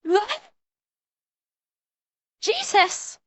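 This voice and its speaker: A woman's voice: very high-pitched, big pitch swings, extremely slow. A young woman streaming a reaction to a video, ranting in a profane, exasperated way.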